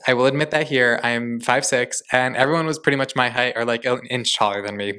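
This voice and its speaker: A young man hosts his own podcast and tells his stories in a chatty, gushing way. He keeps slipping into quoted back-and-forth dialogue. His voice is smooth and clear, at an ordinary pitch. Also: a bit bright. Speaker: podcast host. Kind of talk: casual solo podcast recap.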